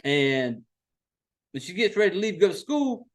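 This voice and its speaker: Profane, ranting man, high voice. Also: normal speed. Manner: profane, exasperated, animated storytelling. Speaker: podcast host. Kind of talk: casual movie recap rant.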